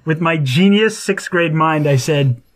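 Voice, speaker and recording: A man's voice: fairly high pitch, unhurried. A young man co-hosting a casual podcast, joking and laughing as he talks. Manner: joking, laughs mid-sentence. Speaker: podcast co-host. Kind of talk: casual chat.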